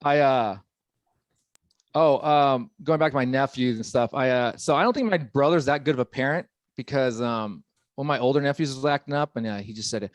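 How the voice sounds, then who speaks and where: A man's voice: mid-range voice, a little fast, no echo. A young man with a California accent doing stand-up comedy, often putting on the voices of people in his jokes. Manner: joking, acts out voices of people in his bits.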